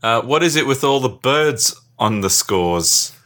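A man co-hosting a comedy podcast, chiming in with slow, laughing interjections. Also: medium pitch, animated, fairly bright tone. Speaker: podcast co-host. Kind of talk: casual comedy banter.

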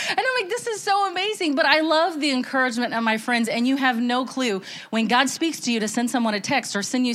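A woman speaking to her church in an earnest, chatty way, often pausing with fillers and starting over. Her voice sits a little high. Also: a bit bright. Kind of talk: informal church talk.

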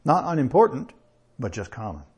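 A man preaching a sermon in a conversational way, with chuckles and slow emphatic pauses. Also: mid-range voice, wildly swooping pitch, breathy edge.

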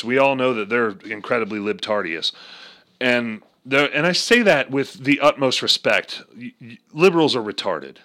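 A man's voice: medium pitch, animated, moderate pace, sharp tone. A man ranting casually and crudely about politics, swearing often, joking, and slipping into voices. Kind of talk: casual profane political rant.

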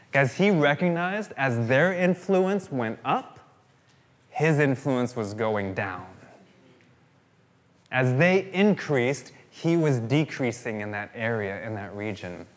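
A man's voice: mid-range voice, expressive, slow pace. A male pastor giving a sermon in a conversational way, repeating phrases for emphasis.

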